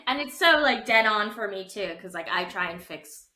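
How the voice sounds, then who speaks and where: A woman's voice: mid-range voice, lively intonation, moderate pace, noisy background. A woman co-hosting a podcast, talking casually and hesitantly, with many fillers. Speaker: podcast co-host. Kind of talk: casual conversation. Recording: echoey room.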